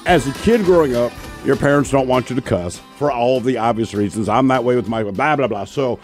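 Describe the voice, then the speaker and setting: A middle-aged man hosting a radio show, telling personal stories in a casual, animated way and laughing along. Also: mid-range voice, fairly quick, music in the background. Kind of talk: casual on-air storytelling.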